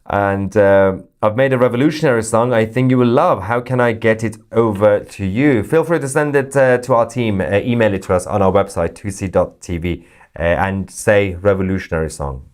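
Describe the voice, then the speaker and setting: A man hosting a live news stream, reading chat messages with sarcastic jokes and sudden high-pitched mock voices. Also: normal speed. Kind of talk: casual live-chat commentary.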